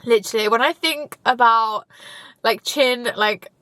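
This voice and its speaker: A woman's voice: on the high side, unhurried, bright, forceful tone, no room sound. A young woman, vlogging casually from her car, chatty and gushing, now and then tearful. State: tearful at times. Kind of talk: casual chat while driving. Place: inside a car.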